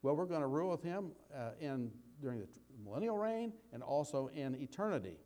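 A man giving a conversational Bible teaching, rambling with restarts and slowing down to read scripture aloud. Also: mid-range voice, very animated, dark tone. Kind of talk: sermon.

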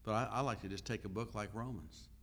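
A man preaching a sermon and teaching from a Bible passage, talking conversationally, asking questions and pausing often with "uh.". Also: fairly low pitch, fairly bright tone. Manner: unhurried teaching with frequent "uh" pauses; conversational, asks the listeners questions. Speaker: pastor.

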